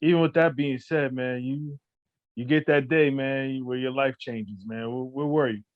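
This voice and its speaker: A man's voice: mid-range voice, steady tone, normal speed, narrow, tinny audio. A man hosting a podcast, talking in a laid-back, casual way full of "man" and "nah". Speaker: podcast host. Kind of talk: casual chat.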